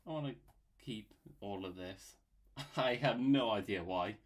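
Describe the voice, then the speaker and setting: A man's voice: fairly low pitch, a little slow. A man narrating a casual drawing video in a playful, rambling way, wandering off on silly tangents while he works at his computer. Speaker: illustrator and video creator.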